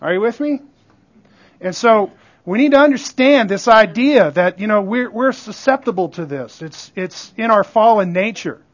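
A man's voice: sits high, animated, normal speed. A man preaching a sermon as pastor, in a conversational way with frequent call-outs to the congregation. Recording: dull lo-fi recording.

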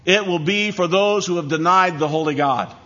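Male pastor preaching, emphatic and measured, a bit high-pitched, on a muffled lo-fi recording. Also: sharp tone. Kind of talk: sermon. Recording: dull lo-fi recording.

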